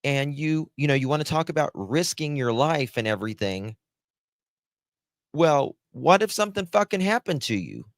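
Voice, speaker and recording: A man's voice: a little high, lively intonation, moderate pace, no echo, studio quality. A man giving angry, profane, sarcastic commentary on case documents as a true crime host.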